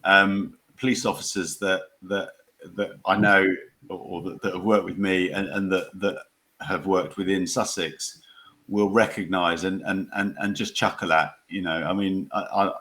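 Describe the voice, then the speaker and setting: A man with a very deep voice answers interview questions over a video call. He speaks haltingly, restarting sentences and doubling up words. He talks as a crime author who once served as a police officer. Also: fairly even intonation, pushed and bright.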